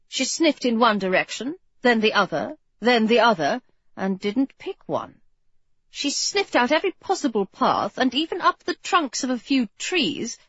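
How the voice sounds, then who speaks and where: A woman narrating a storybook in an expressive, lively reading. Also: a little high, no room sound. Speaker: audiobook narrator. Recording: dull, muffled audio, dry.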